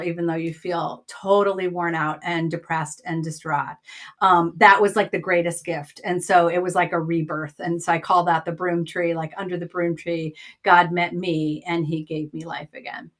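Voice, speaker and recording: A woman who is a trained counselor, talking as a guest in a casual interview and telling a personal story in a chatty, expressive way. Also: fairly low pitch. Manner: chatty and expressive, many "like" and "um" asides.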